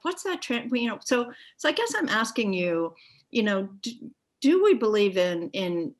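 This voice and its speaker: A woman's voice: fairly low pitch, a bit bright. A woman moderating an art panel discussion, thinking aloud with many restarts and "you know"s.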